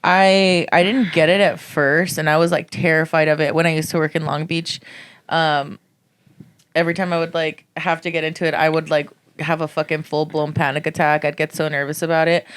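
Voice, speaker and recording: A woman chatting casually on a podcast, relaxed and wry, swearing freely. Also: low-pitched, fairly quick, clean tone. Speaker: podcast co-host. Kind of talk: casual chat.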